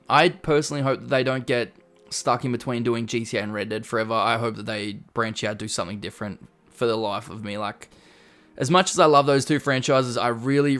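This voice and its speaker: A man's voice: medium pitch, fairly bright tone. Chatty man streaming live. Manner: chatty, reads viewer comments aloud and reacts. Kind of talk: casual live-stream chat. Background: faint background music.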